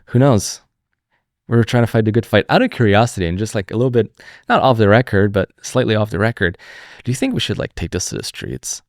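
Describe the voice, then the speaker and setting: A young man hosting a political podcast, talking in a profane, animated, rambling way. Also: lowish voice, fairly quick, no echo, studio quality. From Canada. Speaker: podcast host. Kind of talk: casual political podcast chat.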